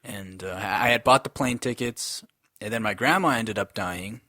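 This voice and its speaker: A man's voice: lowish voice, moderate pace, sharp tone, dry recording, clean studio sound. Profane ranting young man. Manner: profane, ranting, acts out quoted voices. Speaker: podcast co-host. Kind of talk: casual podcast chat.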